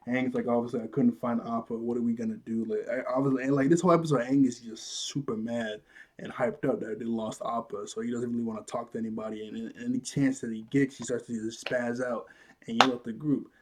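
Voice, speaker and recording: A man giving a loose, casual recap of a cartoon episode, chatty and quick to laugh. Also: medium pitch, steady tone. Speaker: show reviewer.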